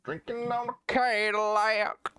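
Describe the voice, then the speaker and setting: A man's voice: high voice, flat delivery, slow, bright, forceful tone, clean tone, dry recording, studio quality, pitched above the performer's own voice, heavily acted. A man putting on a mocking impression of a male country singer, drawling in an exaggerated sing-song way.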